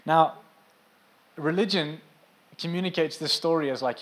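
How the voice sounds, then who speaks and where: At a normal speed and with a slightly bright, mid-range voice, a man gives a sermon as if chatting with his congregation, tossing in asides along the way. When he wants a point to land, his tone becomes emphatic.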